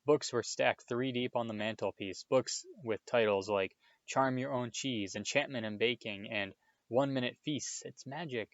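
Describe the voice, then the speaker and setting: A man narrating a children's story aloud, in a steady read-aloud manner, on a dull, lo-fi recording. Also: mid-range voice, moderate pace, dry recording. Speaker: audiobook reader.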